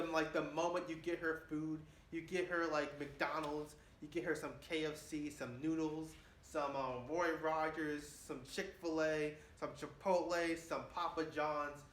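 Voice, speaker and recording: Young man, boastful, rambling casual talk, fairly high voice, echoey room, faint hiss. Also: a bit bright. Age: 20s. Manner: boastful, keeps saying "man". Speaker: vlogger.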